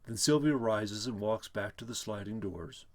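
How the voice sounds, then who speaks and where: A man reads a play aloud, taking the stage directions at a measured, even pace. His voice sits low, with a husky grain. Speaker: reader. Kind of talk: dramatic reading of a play.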